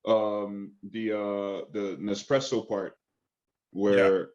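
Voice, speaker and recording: A man's voice: on the low side, level tone, drawn-out words, a little mellow, dull audio. A man being interviewed as an actor guest, talking enthusiastically with many fillers and restarts. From Canada. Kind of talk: casual interview chat.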